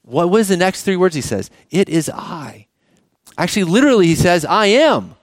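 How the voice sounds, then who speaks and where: A middle-aged man preaching a sermon as pastor, conversational and animated, often asking the congregation questions. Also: high-pitched, normal speed, no room sound, studio quality.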